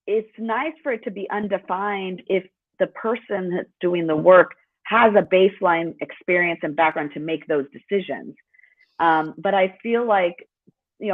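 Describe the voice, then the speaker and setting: Woman podcast host, lowish voice, sounds like a phone line, kinda rambly. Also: dry recording. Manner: rambling questions with many fillers. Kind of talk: casual podcast interview. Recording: dry tinny phone-like line.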